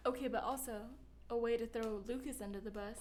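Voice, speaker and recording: A woman's voice: on the high side, fairly even intonation, fairly quick, a little mellow. A woman co-hosting a podcast, chiming in with short, dry remarks. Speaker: podcast co-host. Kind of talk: casual chat.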